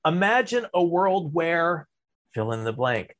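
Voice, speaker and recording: A man who coaches storytelling and public speaking, answering interview questions in an animated way, shifting his loudness and pausing for emphasis. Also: a little high.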